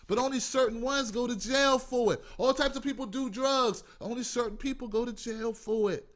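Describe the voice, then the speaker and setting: A man with a very high-pitched voice, speaking at a moderate pace, hosts a call-in talk show. He delivers a heated rant, impassioned, emphatic and full of profanity.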